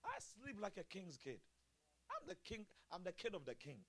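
Chuckling pastor preaching a sermon. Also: male voice, high voice, huge pitch swings, moderate pace. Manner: chuckling often, swinging from quiet murmurs to loud exclamations. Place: church service.

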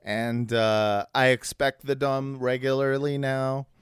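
A man chatting casually and comedically, rambling along with plenty of fillers and laughter. His voice is smooth and clear, with a mid-range pitch. The recording is close and dry. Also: level tone, slow pace, no echo.

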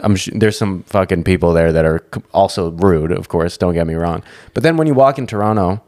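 A man's voice: deep voice, a little fast, a little mellow. A man hosting a podcast and chatting casually, rambling and swearing a lot.

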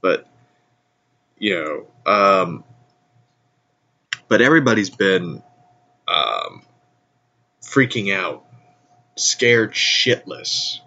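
A man's voice: sits low, animated, extremely slow, vocal fry, pauses often, sharp tone, lo-fi sound. A man hosting a casual solo podcast, groggy from just waking up, with a stuffy nose and a rambling way of talking that trails off. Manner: rambling, laughs often, trails off. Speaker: podcast host.

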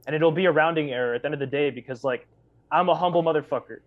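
A man's voice: fairly high pitch, racing. A man in casual conversation who rambles and acts out quoted exchanges as he tells stories. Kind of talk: casual chat. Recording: dull lo-fi sound.

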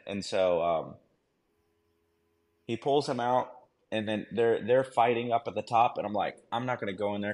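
A man, a former army dog handler, telling a war story on a podcast in a casual, slangy way full of fillers and "right?". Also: fairly low pitch. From United States.

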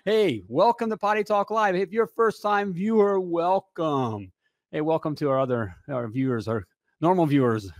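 A man in his fifties hosts a live talk show with a fairly high voice and a punchy, hyped-up delivery. He keeps tossing in "hey" and "all right" as he rallies his viewers. The sound is close and dry. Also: moderate pace, dry recording. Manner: energetic hype, peppered with "hey" and "all right".

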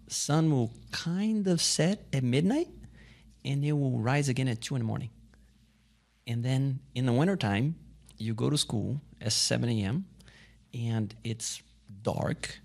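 Man from Brazil, podcast guest, gravelly voice, chatty storyteller. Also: mid-range voice, a little mellow. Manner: chatty storyteller, acts out quoted dialogue. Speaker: guest, racquet sports director. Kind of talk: casual podcast interview.

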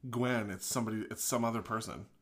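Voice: medium pitch, fairly even intonation, quick pace. A podcast co-host chatting casually about a movie, laid-back, laughing and swearing freely. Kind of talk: casual movie recap chat.

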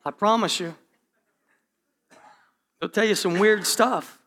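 A man's voice: high voice, slow pace, a bit bright. A man preaching a sermon in a church, talking straight to the congregation with asides and restarts. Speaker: pastor.

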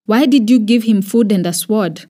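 A woman with a Kenyan accent voicing an angry, suspicious old king who shouts accusations at his men. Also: medium pitch, normal speed, lightly acted. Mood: furious, accusing.

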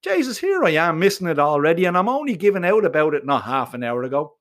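A man with an Irish accent telling a comic first-person story in a profane, colloquial and animated way. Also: on the high side, fast. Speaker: narrator.

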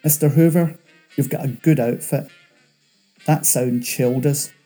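A man voicing a chatty male escaped convict who talks fast and nervously. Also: mid-range voice, steady tone, dark tone, soft background music, lightly acted.

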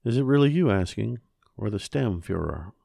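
A man reading the lines of a stern, grieving German mother, speaking quietly and in a clipped, restrained way. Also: fairly low pitch, lively intonation, moderate pace, gravelly, no echo, pitched above the performer's own voice, heavily acted. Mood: guarded.

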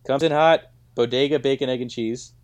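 A man in the middle of an ordinary pitch range, co-hosting a loose comedy podcast. He talks in a jokey, punning way and rolls straight into mock sponsor reads. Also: fairly even intonation, brisk. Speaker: podcast co-host. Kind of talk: casual comedic chat.

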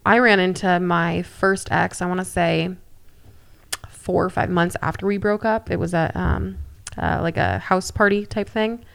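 A woman's voice: on the low side, steady tone, measured pace, creaky, smooth. A woman co-hosting a casual podcast chat, speaking candidly and frankly. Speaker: podcast co-host.

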